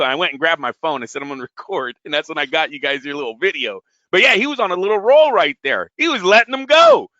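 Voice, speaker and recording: A man in his thirties telling animated stories in casual chat, swearing heavily. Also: sits high, fast, dry recording, highs cut off. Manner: animated storytelling, heavy swearing. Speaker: podcast co-host.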